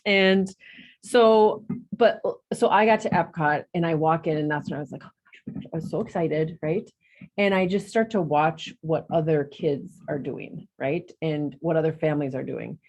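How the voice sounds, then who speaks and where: A middle-aged woman tells a story to her coworkers in a meeting room. Her voice sits a bit low but jumps high whenever she acts out what someone said. Her chat is casual and lively. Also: normal speed, highs cut off. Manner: animated, acts out quotes with big jumps in pitch. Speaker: real estate agent in coaching group.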